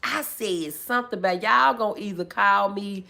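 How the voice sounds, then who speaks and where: On a casual livestream, a woman with a gravelly, mid-range voice speaks at a moderate pace. Animated and often laughing, she whoops loudly and reads the chat aloud while talking with viewers.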